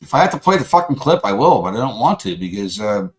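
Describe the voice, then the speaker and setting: A man's voice: fairly low pitch, sing-song, fast talker. A man hosting a live stream, angrily and profanely confronting a chat commenter, sarcastic and combative. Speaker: livestream host.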